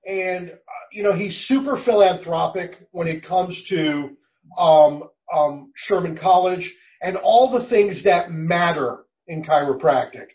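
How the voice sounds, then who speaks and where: A man's voice: sits high, unhurried, distant mic. A man speaking for a college in an interview, enthusiastic and emphatic. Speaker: college representative. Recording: muffled, away from the mic.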